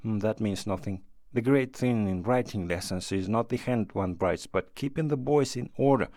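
A man's voice: lowish voice, normal speed, a little mellow, no echo, clean studio sound, close to an everyday voice. A man voicing a boastful, awkward young writing master who talks smugly.

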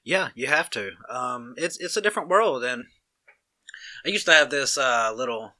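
A young man with a thick Alabama Southern accent talks casually in a bright, forward tone. He wanders through his points with fillers and false starts, animated when telling a story. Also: mid-range voice, normal speed. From Walker County area, Alabama. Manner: rambling, many restarts and fillers, animated storytelling. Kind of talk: casual chat.

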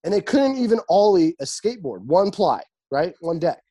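Husky, mellow young man telling stories. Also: high voice, normal speed. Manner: animated, swears freely, acts out quoted dialogue. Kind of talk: casual chat, storytelling.

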